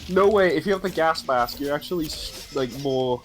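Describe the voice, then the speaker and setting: A man's voice: fairly high pitch, animated, normal speed, soft background music. A man hosting a game stream, chatting casually and explaining game mechanics at length. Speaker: gaming streamer host. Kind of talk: casual gaming chat.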